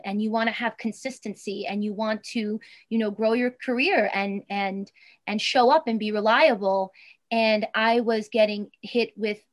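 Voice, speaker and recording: This is a woman in her thirties speaking as an interview guest. Her voice sits at an ordinary middle pitch, and she talks earnestly and with feeling, often restarting her sentences and filling pauses with "um" and "you know.". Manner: earnest, emotional, many fillers and restarts. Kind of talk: personal interview.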